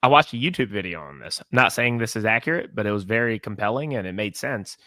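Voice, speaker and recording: A man's voice: on the low side, animated, fast talker, bright, forceful tone. A young man with a Southern American accent, co-hosting a casual podcast and explaining at length with asides. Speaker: podcast co-host.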